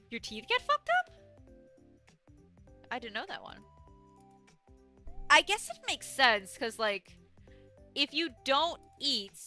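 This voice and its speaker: A young woman streamer chats and rambles through stories with a casual, swearing flow. Her voice is bright and sits a touch high, with a dry, slightly sore throat. Faint game music plays softly underneath. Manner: rambling, chatty storytelling with frequent swearing. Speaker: livestreamer. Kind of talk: casual chat while gaming.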